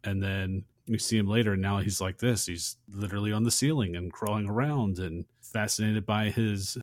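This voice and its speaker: Guy on a movie podcast, kinda low voice, dead dry recording, just rambling thru the plot and then and then. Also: normal speed, no echo. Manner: retells scenes in long chains of "and". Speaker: podcast co-host. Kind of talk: casual film discussion.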